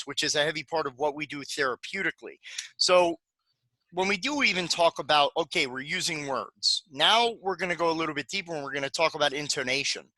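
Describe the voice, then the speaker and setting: A man's voice: on the high side, pushed and bright, no echo, poor audio. A man presenting a panel talk on games, speaking conversationally with many fillers and restarts.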